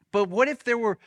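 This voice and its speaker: Male pastor, sermon, high-pitched, earnest, congregation call-and-repeat. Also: a bit bright, husky. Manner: leads the congregation in repeated spoken confessions; earnest, repeats words as he restarts.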